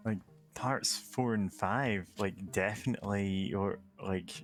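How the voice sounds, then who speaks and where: A woman co-streaming a game, chatting casually and reading its events aloud in a lively way, laughing and slipping on words. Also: very deep voice, takes it slowly, faint music behind.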